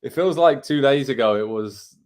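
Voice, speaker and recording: A man's voice: mid-range voice, animated, moderate pace, a little mellow. A man from England co-hosting a live online match watchalong, chatting casually, calling the play and reading out viewer comments. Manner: chatty, reads out viewer comments, calls the action. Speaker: co-host of a live watchalong show.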